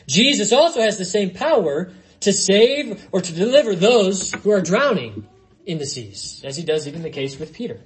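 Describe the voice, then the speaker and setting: High-voiced man preaching a sermon. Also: big pitch swings, moderate pace. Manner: expository, conversational asides with "right?".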